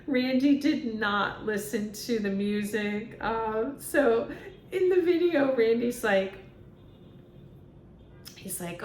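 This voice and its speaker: Woman medium, casual vlog monologue, filler-heavy, unhurried, faint rumble behind. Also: echoey room. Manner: rambling, filler-heavy, laughs often. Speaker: spiritual medium.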